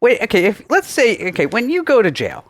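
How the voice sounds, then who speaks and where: Male radio co-host, playful rambler, expressive pitch, studio voice. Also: fairly quick. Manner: joking, animated, rambling storyteller. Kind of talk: casual radio show banter. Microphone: studio microphone.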